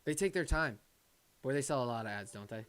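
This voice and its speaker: An excitable man hosts a casual live stream, reading comments from his viewers and reacting to them. His voice sits in a middle pitch. He jumps from loud outbursts to quiet grumbling asides. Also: a little fast, clear, resonant tone. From Detroit area. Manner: excitable, talks to chat and his pet, swings from loud to muttering. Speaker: streamer hosting a draft watch party.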